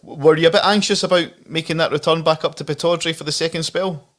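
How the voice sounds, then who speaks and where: A man's voice: on the high side, steady tone, quick pace, a bit bright. Male podcast host asking a rambling question. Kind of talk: interview question.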